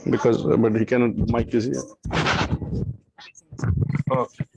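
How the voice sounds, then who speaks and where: A man's voice: mid-range voice, little pitch movement, unhurried, gravelly, a little mellow, dull audio. A man hosting a live charity auction at a temple celebration, calling out and directing people. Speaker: temple event host. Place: temple hall, also streamed on a video call.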